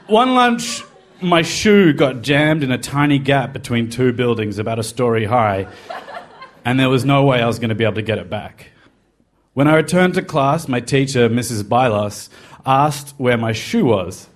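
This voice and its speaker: A man with an ordinary mid-range voice tells a personal confession in a wry, self-deprecating way. His storytelling is conversational but shaped for listeners. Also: mid-range voice. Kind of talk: personal story told to a live podcast.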